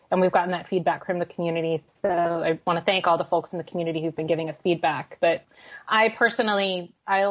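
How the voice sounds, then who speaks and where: A woman speaking as a podcast guest, answering eagerly in quick bursts with frequent fillers. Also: lowish voice. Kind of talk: casual interview chat. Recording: slightly muffled podcast recording.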